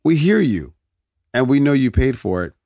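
A man's voice: medium pitch, sing-song, moderate pace, vocal fry, dark tone, no room sound, studio quality, pitched above the performer's own voice. A man voicing a smug, dismissive male corporate representative with slangy talk. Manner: slangy, brushing off complaints.

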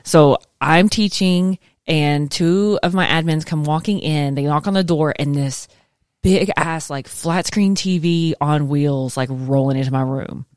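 A woman's voice: low-pitched, a little slow, a little mellow, no echo, studio quality. A woman in her forties, a schoolteacher co-hosting a casual chat show, chatty and laughing, swearing casually. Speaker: co-host, schoolteacher.

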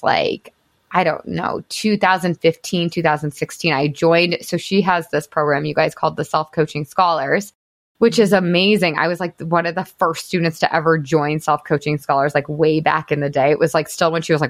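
A woman in her thirties, a podcast host and coach, telling her story in a candid, casual way with lots of "like" fillers and some swearing. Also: low voice.

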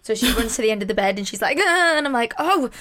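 A woman co-hosting a podcast, telling stories in a giggly, animated way. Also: on the high side, racing. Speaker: podcast co-host. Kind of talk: casual chat.

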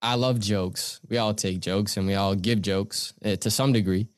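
A young man from Canada, a guest speaker, recounting personal experiences in an earnest, measured way. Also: fairly low pitch, fairly even intonation, no room sound, studio quality. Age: young adult. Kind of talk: reflective storytelling in conversation.

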